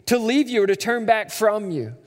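A man's voice: high voice, animated, normal speed, in a large hall. A man voicing a steadfast, devoted young widowed woman, pleading earnestly with emphatic repeats.

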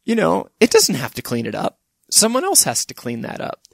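A man's voice: fairly high pitch, huge pitch swings, moderate pace, creaky, dry recording, studio quality. A man hosting a podcast, chatting casually in a rambling, digressive way and laughing at times. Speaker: podcast host. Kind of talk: casual chat.

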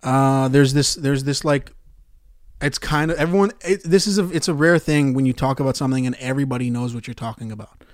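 A young man hosting a solo podcast, swearing and ranting sarcastically about his movie theater job, going from loud outbursts to quiet mutters. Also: mid-range voice, a little fast, dry recording, studio quality. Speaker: podcast host.

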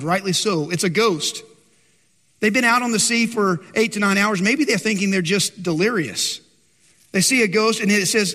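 A male pastor preaching a sermon, rising loud on his questions and dropping soft and low for his stories. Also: normal speed, in a large hall. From Texas, USA.

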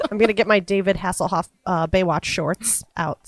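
A woman's voice: mid-range voice, moderate pace, dry recording. A woman co-hosting a podcast, playful and giggly. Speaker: podcast co-host. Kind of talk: casual podcast chat.

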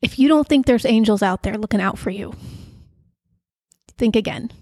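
A woman's voice: on the high side, moderate pace, no room sound, studio quality. Earnest woman telling a personal story. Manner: earnest, confiding, with soft fillers. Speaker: podcast host and emotional coach.

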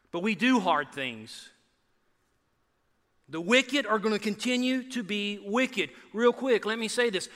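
A man preaching a sermon as pastor, animated, acting out voices with rising emphasis. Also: high-pitched. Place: church sanctuary. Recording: long hall reverb.

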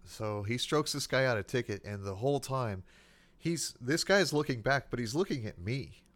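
A man's voice: mid-range voice, moderate pace. A man, a police officer, telling a ride-along story in casual chat, often breaking into laughter. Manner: animated, laughs while telling stories.

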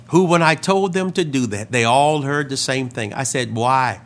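A man preaching a sermon as a pastor, telling stories with dramatic swings between loud and hushed delivery. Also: medium pitch, normal speed. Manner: dramatic storytelling, acts out quoted voices, swings loud and hushed.

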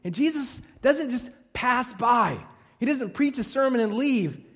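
A man preaching a sermon as a pastor, animated and slipping in jokes between his points. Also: very high voice, measured pace. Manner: animated preaching with joking asides. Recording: long reverb of a hall.

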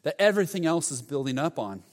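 A man's voice: on the high side, very animated, fast. A man preaching a sermon in an earnest, conversational way, acting out quoted lines. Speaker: pastor. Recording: reverberant hall.

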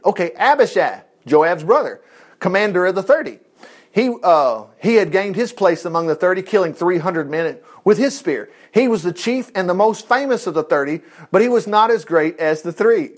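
High, lively man reading scripture. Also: normal speed. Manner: exclamatory, reads aloud and breaks in with asides. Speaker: Bible teacher. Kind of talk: informal Bible reading with commentary.

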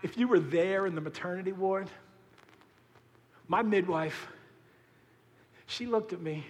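A man preaching a sermon as pastor, conversational and full of slang, swinging between hushed and shouted emphasis. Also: high voice, unhurried, big-room sound.

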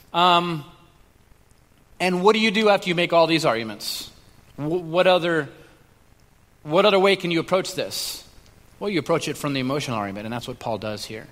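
A man's voice: medium pitch, fairly bright tone. Man preaching in a reverberant hall. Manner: conversational, halting with many restarts and fillers. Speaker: pastor. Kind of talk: sermon.

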